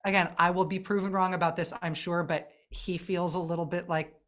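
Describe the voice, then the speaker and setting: Low-voiced woman, wry and laughing. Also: fairly quick. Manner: wry, laughing, animated asides. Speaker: guest. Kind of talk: casual political conversation.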